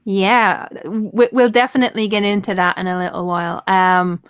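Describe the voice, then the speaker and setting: A woman's voice: mid-range voice, flat delivery, normal speed, smooth. A woman hosting a casual live chat show, bubbly and chatty, laughing often. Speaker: host.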